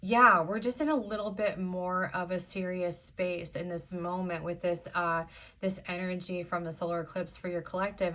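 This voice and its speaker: A woman's voice: fairly low pitch, fairly bright tone. A young woman giving a casual pick-a-card tarot reading, chatty and sassy, rambling with lots of fillers. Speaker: tarot reader.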